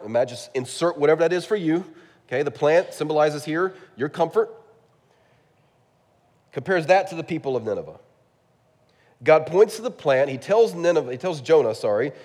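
Animated preacher man in a reverberant hall. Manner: animated preaching with wide swings in pitch and loudness. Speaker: pastor. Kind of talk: sermon.

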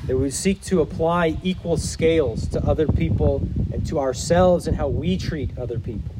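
Pastor guy preaching, earnest and explaining, kinda high voice, noisy background. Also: normal speed. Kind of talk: sermon.

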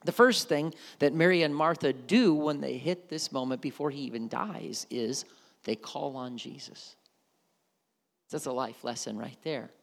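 A man's voice: mid-range voice, a little slow, creaky, long reverb tail. A man preaching a sermon as a pastor, conversational, with frequent restarts and repeated words.

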